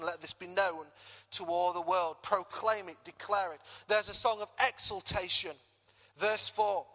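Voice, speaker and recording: Lively British preacher in a reverberant hall. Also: male voice, sits high. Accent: British English. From Britain. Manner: lively, jokey, rises loud on key words. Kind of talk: sermon. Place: church hall.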